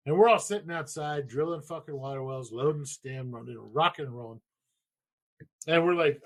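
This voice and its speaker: A man's voice: on the high side, normal speed. A man in his thirties hosting a podcast, telling a story in a loose, profane, rambling way. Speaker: podcast host. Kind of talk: casual storytelling.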